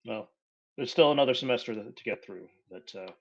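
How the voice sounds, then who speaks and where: A man's voice: mid-range voice, a little fast, gravelly. A man playing a tabletop game, speaking in character with jokes and stammering. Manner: joking, stammering. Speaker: player. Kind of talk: in-character tabletop role-play. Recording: dull lo-fi mic.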